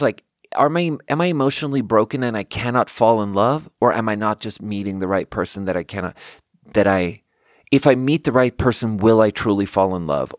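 A man with a fairly low voice hosts his own podcast alone. He rambles loosely, pokes fun at himself and laughs easily. The sound is close and dry, with no room echo. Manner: rambling, self-deprecating, quick to laugh. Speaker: podcast host. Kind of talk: casual solo podcast monologue.

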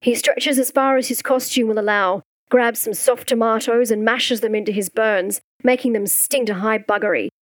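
Woman narrator, story reading, measured and dramatic, fairly high voice. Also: fairly even intonation, no echo, studio quality. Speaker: reader.

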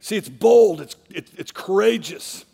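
A man preaching from the pulpit in an unusually high, heavily gravelly voice. He drives each point home with emphatic repetition. His sermon carries a long reverb from the church hall around him. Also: expressive, a little slow, dark tone. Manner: emphatic preaching with repeated phrases. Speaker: pastor.

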